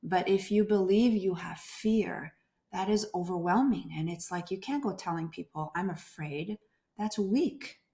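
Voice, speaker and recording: Lady doctor chatting as a guest, expressive, mid-pitched voice. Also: a little slow. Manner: expressive, acts out quoted voices. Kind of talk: conversational interview.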